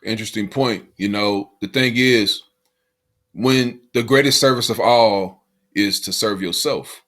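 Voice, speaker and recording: Low-voiced man musing on mindset. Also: unhurried, fairly bright tone. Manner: motivational, repeats phrases, says "you know" a lot. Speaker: podcast co-host. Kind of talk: casual podcast conversation.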